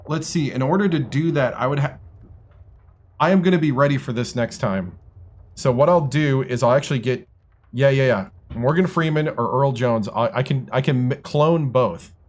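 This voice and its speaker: A man's voice: medium pitch, moderate pace, a little mellow. A man streaming a strategy game at his computer, chatting casually and muttering to himself as he tries out voices. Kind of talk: casual gameplay livestream chat.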